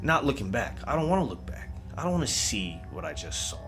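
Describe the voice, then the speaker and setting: Animated man telling a scary story over music. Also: mid-range voice, fairly quick. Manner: casual, profane street-style talk. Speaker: horror story narrator. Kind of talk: first-person scary storytelling. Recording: music bed under voice.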